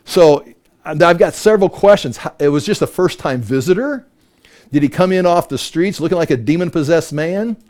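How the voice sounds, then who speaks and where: A man's voice: on the high side, normal speed, a little mellow. Man teaching scripture with rhetorical questions. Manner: conversational, full of rhetorical questions. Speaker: Bible teacher. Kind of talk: Bible study teaching.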